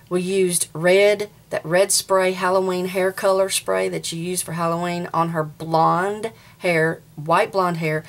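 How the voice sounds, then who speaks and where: A woman's voice: deep voice, gravelly, slight background noise. A woman in her forties with a Southern US accent, chatting casually as she shows off a handmade craft journal and talks straight to viewers. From American South. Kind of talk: casual show-and-tell vlog.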